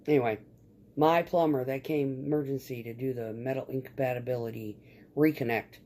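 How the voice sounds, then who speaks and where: A woman's voice: very deep voice, steady tone, fairly quick, dark tone. A woman chatting casually in a vlog about remodeling her home, rambling and swearing freely. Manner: rambling and profane.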